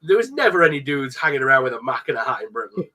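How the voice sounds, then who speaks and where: A man's voice: medium pitch, big pitch swings, racing, bright, forceful tone. A man co-hosting a casual podcast, telling stories and breaking into laughter. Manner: storytelling, bursts of laughter. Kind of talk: casual chat.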